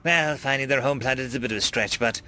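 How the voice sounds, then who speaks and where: A man's voice: mid-range voice, quick pace, bright, forceful tone, soft background music, lightly acted. A man doing a stern old alien mentor. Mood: urgent. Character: older male alien archaeology mentor, stern.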